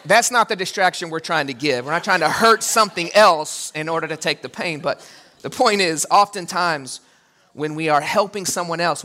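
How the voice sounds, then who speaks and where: Guy preaching a sermon, kinda high bright voice, gets real animated doing voices for the stories. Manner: animated, acts out quotes with big pitch jumps. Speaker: pastor.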